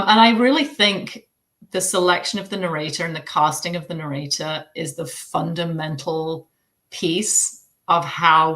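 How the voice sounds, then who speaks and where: Low-voiced woman on a video panel. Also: a bit bright. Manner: thoughtful, hesitant with fillers. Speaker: audiobook publisher panelist. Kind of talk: casual panel discussion. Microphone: video call.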